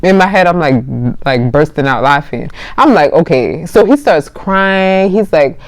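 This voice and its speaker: A woman's voice: fairly low pitch, expressive, unhurried, no echo. A young woman vlogger casually telling a dating story, chatty and laughing often as she acts out both sides of the conversation.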